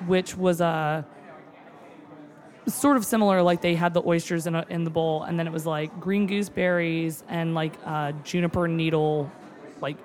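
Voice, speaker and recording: At a moderate pace and an ordinary middle pitch, an excitable cook chats casually and gushes with abundant fillers and a few curse words. Emotion wells up in her voice, bringing her close to tears.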